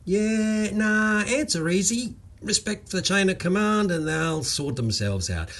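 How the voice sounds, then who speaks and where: A man's voice: high-pitched, lively intonation, a little slow, fairly bright tone, pitched above the performer's own voice, full character voice. A man voicing a cheerful, easygoing outback bloke from Queensland with a broad Australian accent and a laid-back drawl.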